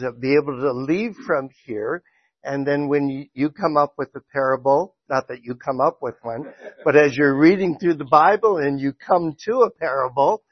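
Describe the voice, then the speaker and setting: A man's voice: mid-range voice, no echo, dull audio. A man teaching a Sunday school class, talking conversationally with fillers, then reading scripture aloud and praying. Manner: conversational with frequent fillers and restarts. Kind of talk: church lesson with scripture reading and prayer. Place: church classroom.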